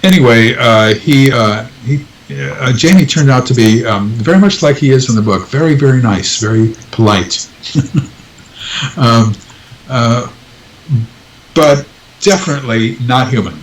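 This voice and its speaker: A man's voice: mid-range voice, measured pace, poor audio. A man answering interview questions in casual talk, hesitant, with many ums and restarts. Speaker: guest author.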